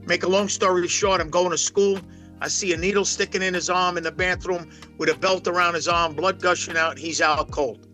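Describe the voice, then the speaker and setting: A man's voice: high voice, steady tone, brisk, bright, forceful tone, faint music behind. A man, telling his life story as a guest in a long rambling interview, full of restarts. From Brooklyn, New York. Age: 60s. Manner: rambling, emphatic, many restarts. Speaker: poker pro guest.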